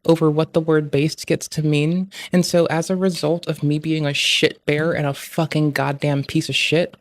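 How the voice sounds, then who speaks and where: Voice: mid-range voice, creaky. A streamer ranting with constant swearing in casual talk on a live stream. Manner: swears constantly, rants angrily.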